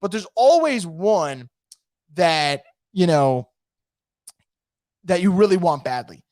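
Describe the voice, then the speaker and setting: A man hosting a casual live sports podcast from home, energetic and opinionated, rambling with frequent restarts. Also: sits high, slow pace, dry recording, clean studio sound. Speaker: podcast host. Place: home room.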